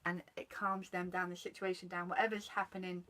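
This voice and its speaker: A woman's voice: on the low side, little pitch movement, fairly quick, fairly bright tone, slight background noise, poor audio. A woman, chatting animatedly about parenting and breaking off to greet passers-by. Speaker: parenting guest. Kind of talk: casual chat about parenting.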